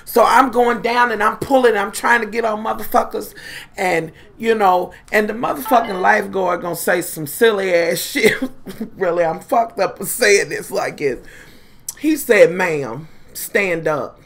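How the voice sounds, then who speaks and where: A woman's voice: mid-range voice, normal speed, vocal fry. A woman telling a personal story in a casual monologue. She swears constantly and calls her listeners honey and y'all. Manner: profane, animated, addresses listeners as honey and y'all.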